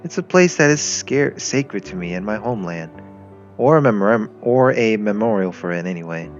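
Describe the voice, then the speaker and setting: A man's voice: fairly low pitch, expressive, normal speed, close to an everyday voice. A man voicing a young female Soviet tank girl with a Russian accent, teasing, creepy and doting. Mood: cheerful. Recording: lo-fi with faint music.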